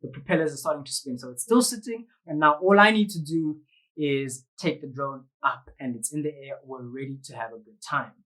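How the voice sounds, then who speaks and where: Speaking fairly quickly in a voice on the high side, a man with a South African English accent animatedly recounts a story for his vlog. He packs it with slang, sound effects and imitated voices, though the audio quality is poor.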